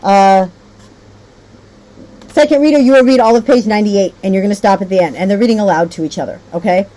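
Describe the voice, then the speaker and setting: A woman's voice: medium pitch, quick pace, warm tone, poor audio. A woman training teachers on a reading method, rambling a little, correcting herself and checking in often. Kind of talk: teacher training talk with read-aloud demos.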